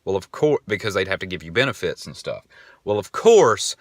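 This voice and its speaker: A man's voice: low-pitched, big pitch swings, fairly quick, no room sound. A man in his twenties hosting a podcast, telling a rambling story in a casual monologue. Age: 20s. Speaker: podcast host.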